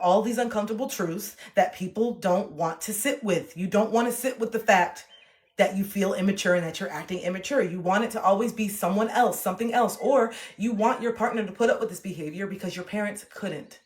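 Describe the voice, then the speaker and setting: A woman's voice: mid-range voice, brisk. A woman in her thirties, a relationship coach, giving blunt, emphatic motivational talk on a livestream and swearing freely. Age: 30s.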